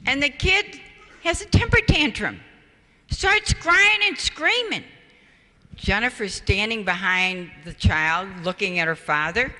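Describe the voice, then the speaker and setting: A woman giving a public talk on parenting, telling stories in an emphatic, animated way. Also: medium pitch, a little slow. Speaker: parenting speaker. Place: lecture hall. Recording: echoey hall reverb.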